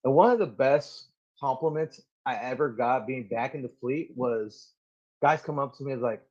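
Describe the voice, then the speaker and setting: A man in his thirties, a Marine sergeant, tells stories in a loose, lively interview. His voice sits at an ordinary pitch, and he curses casually. The recording sounds a little dull and lo-fi. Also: moderate pace. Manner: animated, swears freely, acts out quoted people. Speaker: Marine gunnery sergeant, podcast guest.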